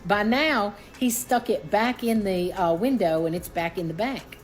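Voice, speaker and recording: A woman's voice: normal speed, a little hiss or hum. A woman, telling a personal story casually and acting out what each person said. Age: 60s. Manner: animated, acts out quoted voices with rising pitch.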